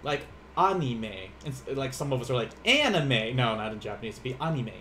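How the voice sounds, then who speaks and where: A man's voice: medium pitch, fast, a bit bright, slight background noise. A young man teaching a casual livestream language lesson from home, rambling, laughing often and poking fun at himself, with lots of fillers. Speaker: Japanese teacher. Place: home room.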